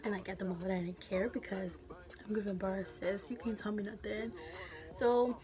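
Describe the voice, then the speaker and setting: A woman's voice: mid-range voice, normal speed, darkish tone, faint music behind. A young woman telling a story frankly and casually, full of slang and swearing. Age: young adult. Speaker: vlogger.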